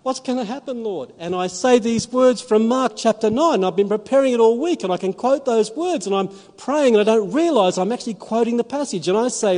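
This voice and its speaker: A man's voice: very high-pitched, lively intonation, brisk, few pauses, darkish tone. A man, preaching a sermon in a church and moving from storytelling to emphatic appeals. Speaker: pastor. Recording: long reverb of a church hall.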